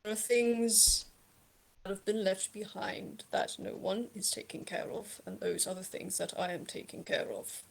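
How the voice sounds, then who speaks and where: A woman playing a calm, evasive male character who speaks in a measured, formal way. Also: mid-range voice, creaky, slight background noise, rough recording.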